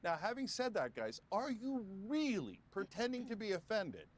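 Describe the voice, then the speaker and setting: A man's voice: sits high, wildly swooping pitch, normal speed. A man speaking as a political commentator guest in a heated televised debate, combative and scoffing, talking over the others.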